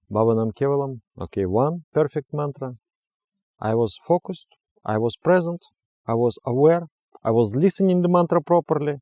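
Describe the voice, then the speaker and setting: A man gives a spiritual meditation lesson in a warm, mellow voice, recorded dry and close. He talks earnestly and with emphasis, driving points home by repeating phrases. His English is fluent but slightly non-native. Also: mid-range voice, no echo. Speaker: meditation teacher. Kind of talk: spiritual teaching talk.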